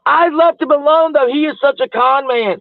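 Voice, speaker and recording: A woman chatting to her viewers in a loose, gossipy ramble, often breaking into laughter. Her voice sits fairly high. It comes through thin and phone-like, with a dry, close sound. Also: moderate pace, no echo. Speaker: livestreamer. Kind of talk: casual rambling chat with viewers. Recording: tinny phone-like audio, dry.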